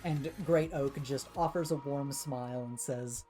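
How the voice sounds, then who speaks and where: A man narrating a tabletop role-playing game as game master, relaxed and full of filler words. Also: medium pitch, a little slow, few pauses, faint music behind. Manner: relaxed, filler-heavy narration with many uhs.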